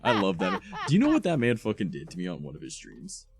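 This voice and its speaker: A man's voice: low voice, huge pitch swings, quick pace. A young man hosting a live stream, rambling casually, swearing and thanking new followers as he talks. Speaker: streamer host.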